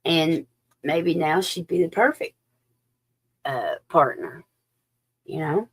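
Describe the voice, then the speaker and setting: A woman's voice: low-pitched, expressive, takes it slowly, slightly rough. A woman doing a chatty live psychic reading, folksy and informal, sometimes dropping into a whisper. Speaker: psychic reader. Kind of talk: live-stream tarot reading chat.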